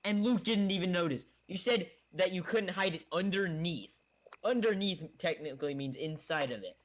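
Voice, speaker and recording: A man's voice: high voice, moderate pace. A young man co-hosting a podcast, chiming in with teasing remarks. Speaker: podcast co-host. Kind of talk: casual chat.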